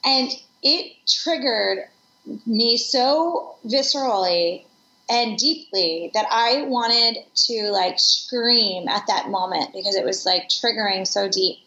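In a medium-pitched, sharp-toned voice, a middle-aged woman speaks slowly as an interview guest. Reflective and earnest, she shares personal stories in a conversational interview. The audio is lo-fi and dull, captured in an echoey room.

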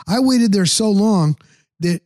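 Male podcast host, fairly high voice, dry close sound, animated raconteur who acts out the dialogue. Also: takes it slowly, no room sound. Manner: animated, acts out quoted dialogue with big pitch jumps; casual, swears freely. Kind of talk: storytelling on a podcast.

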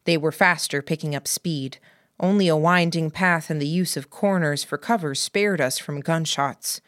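Woman audiobook narrator, low and slow, dry close sound. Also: dry recording. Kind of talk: scripted narration.

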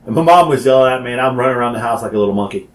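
A man telling childhood stories in casual chat, animated and laughing often as he acts out quotes. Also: mid-range voice, rapid-fire. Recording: roomy echo.

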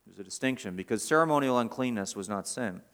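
A man's voice: mid-range voice, animated, fast talker, a bit bright. A man preaching an expository sermon, reading scripture aloud with stressed words and repeating his key phrases for emphasis.

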